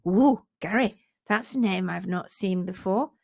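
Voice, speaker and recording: A woman's voice: mid-range voice, a little slow, vocal fry, darkish tone. A woman hosting a livestream from her home office, chatting casually, greeting viewers by name and laughing often. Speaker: host of a horse hoof care livestream. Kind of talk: casual live chat.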